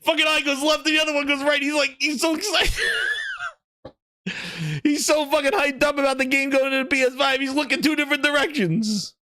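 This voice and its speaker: A man hosting a live gaming stream, reacting with loud laughter, swearing and repeating himself. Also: extremely high pitch, fast talker, hardly any pauses, dry recording. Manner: excitable, laughing, profane, repetitive.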